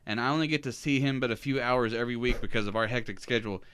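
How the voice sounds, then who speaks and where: A man's voice: mid-range voice, racing, fairly bright tone, smooth. A young man co-hosting a podcast, full of jokey, over-the-top banter. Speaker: podcast co-host. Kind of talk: casual chat.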